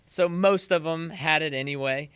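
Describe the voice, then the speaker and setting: A young man with a bright, clean voice that sits a little high for a man, chatting casually as a guest on a podcast. He talks with lots of energy and slips into little acted-out voices when he tells a story. The sound is dry and close. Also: normal speed, smooth, dry recording. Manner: animated storyteller who acts out quotes. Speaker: guest, percussion teacher.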